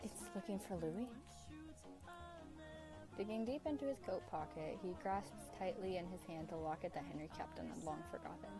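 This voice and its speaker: A woman's voice: fairly low pitch, moderate pace. A young woman narrating a game aloud and joking with viewers between lines in a playful manner. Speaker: streamer reading a game aloud. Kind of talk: game narration with live commentary. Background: background music.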